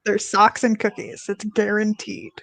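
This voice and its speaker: A woman's voice: medium pitch, little pitch movement, unhurried, vocal fry, fairly bright tone, dry recording. A woman chatting casually on a livestream, amused and chatty, with offhand swearing. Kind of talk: casual chat.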